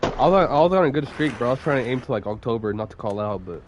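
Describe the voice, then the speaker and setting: A man's voice: medium pitch, expressive, rapid-fire, noisy background. A young man streaming, who is getting over a cold and coughs now and then, talking in a rambling, profane way full of fillers. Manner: rambling, profane, heavy use of "like". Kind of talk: casual stream chat.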